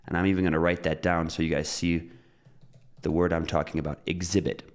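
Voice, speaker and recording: Deep-voiced man teaching pronunciation. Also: brisk, smooth. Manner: relaxed, explains with examples and repeats phrases. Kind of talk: casual spoken lesson.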